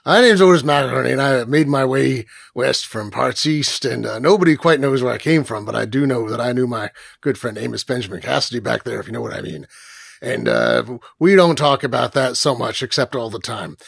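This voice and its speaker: A man's voice: medium pitch, animated, fairly quick, vocal fry, breathy edge, no echo, studio quality. A man voicing a secretive male county clerk in a tabletop role-play podcast, rambling with sly asides.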